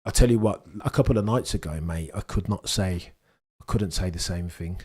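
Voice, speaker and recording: A man's voice: low voice, normal speed, husky. A man hosting a live stream before a race, chatting casually with viewers, with a stuffy nose as he recovers from illness. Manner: chatty, banters with chat, bursts of excitement. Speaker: live-stream host reading chat.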